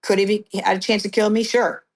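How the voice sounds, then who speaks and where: A woman's voice: mid-range voice, little pitch movement, quick pace. A middle-aged woman giving a blunt, conversational account of her past as an interview guest. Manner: blunt, conversational storytelling with restarts.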